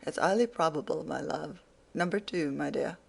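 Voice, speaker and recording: An audiobook reader playing a gentle, meek little father who answers mildly and soothingly. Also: mid-range voice, normal speed, creaky. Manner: mild, soothing and agreeable.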